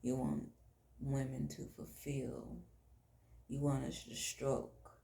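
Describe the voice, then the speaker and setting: A woman host with a Southern US accent, speaking frankly and deliberately, addressing men directly. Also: a bass voice, flat delivery, creaky, dark tone, echoey room. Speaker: podcast host. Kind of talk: frank monologue on faith and relationships.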